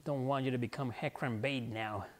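A man's voice: medium pitch, steady tone, a little fast, slight background noise, natural voice. A man voicing a cocky teenage girl thief in a mock British accent, brash and teasing.

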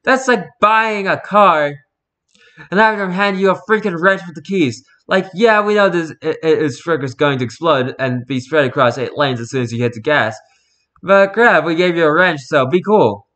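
A man's voice: fairly high pitch, normal speed, a bit bright. Wry man reading posts aloud. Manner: wry, exclaiming, swears mildly. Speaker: reader of online posts and jokes. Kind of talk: casual comic reading aloud.

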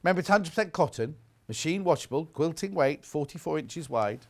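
A man's voice: on the high side, expressive, a little fast. An English man presenting live on a shopping channel, chatting away and reading viewer messages aloud. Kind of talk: live sales chat. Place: TV studio.

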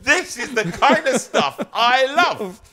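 A man's voice: very high voice, sing-song, takes it slowly, over a noisy crowd. A man hosting a live chat show, jovial and chatty, often laughing. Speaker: host.

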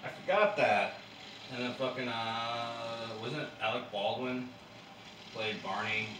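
A man's voice: medium pitch, takes it slowly. A man in casual drinking chat, rambling and crude, often putting on little voices for characters. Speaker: vlog host. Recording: roomy, distant mic with background noise.

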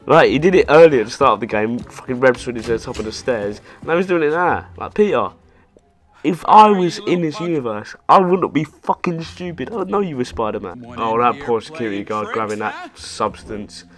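A young man riffs over his gameplay in a mocking, foul-mouthed running commentary. His voice sits at an ordinary middle pitch, and he talks casually straight to his viewers. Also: expressive, brisk, faint music behind. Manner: sarcastic, sweary running commentary. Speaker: gaming YouTuber.

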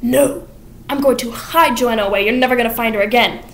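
A woman's voice: fairly high pitch, a little fast, a bit bright, a little hiss or hum. A woman voicing a pompous, corrupt male judge who talks in an indignant way.

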